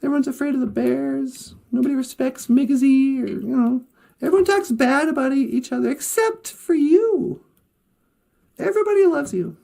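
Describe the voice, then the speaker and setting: A woman voicing a kindly, wise male Great Spirit who speaks in a gentle, reassuring way in a told story. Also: sits high, moderate pace, creaky.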